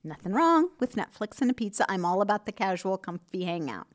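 A woman hosting a podcast, giving scripted relationship advice in an earnest, expressive way with soft asides. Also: medium pitch, brisk. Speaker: podcast host.

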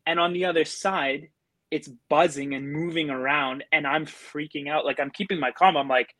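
A man's voice: on the high side, steady tone, moderate pace, pushed and bright, no echo. A man telling a story as a podcast guest in a casual way, rambling and full of fillers. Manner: rambling, filler-heavy with many likes.

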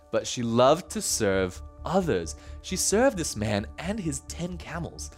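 A man preaching a sermon as pastor, conversational and animated, laughing often as he talks. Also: a little high.

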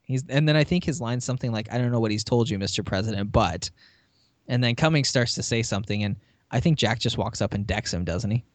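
A man's voice: mid-range voice, fast, dry recording. A man co-hosting a podcast, chatty and full of "you know", retelling a TV episode with laughs. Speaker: podcast co-host. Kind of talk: casual chat recapping a TV episode.

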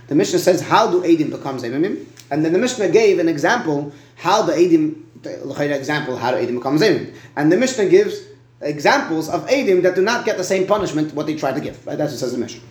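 A man's voice: fairly high pitch, a little mellow, roomy sound. A man teaching a Talmud lesson. He stops and starts, repeats words and often asks "right?".

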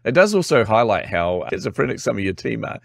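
Kiwi-accented man with a low voice. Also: quick pace, creaky, no echo, clean studio sound. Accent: New Zealand. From New Zealand. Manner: animated storyteller, acts out quotes, laughs often. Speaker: guest. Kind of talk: casual interview chat.

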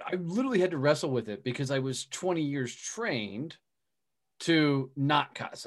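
A middle-aged man in a casual chat, blunt and punchy, swearing freely as he tells stories. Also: fairly high pitch. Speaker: guest, speaker and business owner.

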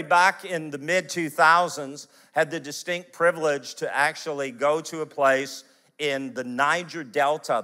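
A man preaches to his congregation with a bright, forward voice. He tells stories in animated bursts and leans hard on the key lines. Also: medium pitch. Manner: animated storyteller, quick bursts of emphasis. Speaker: pastor. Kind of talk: sermon with personal stories.

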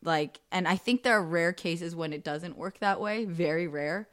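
A young adult woman co-hosting a podcast, talking casually with strong, emphatic opinions. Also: on the low side. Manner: opinionated, emphatic, quick asides. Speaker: podcast co-host. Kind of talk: casual chat.

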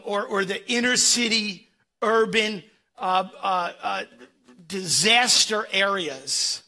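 Male pastor, high husky voice, emphatic stammering sermon delivery. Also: pushed and bright. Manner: emphatic preaching with frequent stammered repeats.

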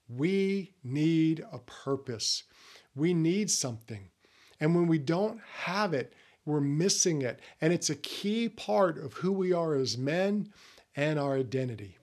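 A man's voice: fairly high pitch, animated, unhurried. A middle-aged man giving an earnest faith-based talk to men, speaking to the listener in a personal way.

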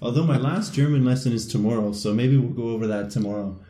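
A man's voice: mid-range voice, fast talker, mellow, roomy sound. A man co-hosting a casual podcast, rambling and self-mocking, laughing often. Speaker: podcast co-host.

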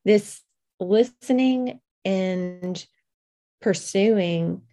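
A woman hosting an interview, speaking in a measured, reflective way. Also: medium pitch, mellow. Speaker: host.

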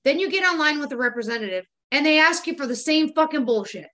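A woman co-hosts a podcast with a slightly high, very bright voice. She runs through her grievances in a fed-up way, laughs often, and swears freely. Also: lively intonation, quick pace. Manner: exasperated, laughing, profane list of pet peeves. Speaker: podcast co-host. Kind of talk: casual podcast chat.

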